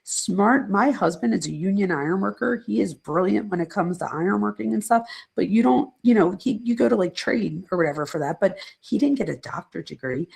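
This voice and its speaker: A woman's voice: mid-range voice, lively intonation, fairly quick, gravelly, hardly any pauses, a little mellow, husky. A middle-aged woman, a psychologist, chatting casually on a live stream, reading viewer comments aloud and rambling off on side points.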